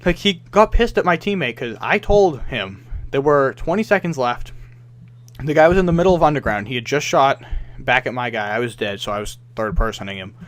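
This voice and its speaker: A young man on a casual gaming podcast, worked up and venting. He swears freely and slips into mocking impressions of people who annoyed him. His voice sits in an ordinary middle pitch. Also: expressive, a little fast, dry recording. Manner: frustrated, ranting, swears a lot, mimics others. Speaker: podcast co-host.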